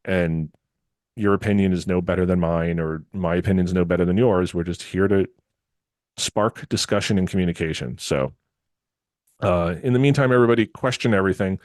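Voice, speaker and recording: A man hosting a podcast, talking in a relaxed, easygoing way and laughing often. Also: sits low, a little fast, no echo, clean studio sound. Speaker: podcast host. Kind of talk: casual podcast sign-off and chat.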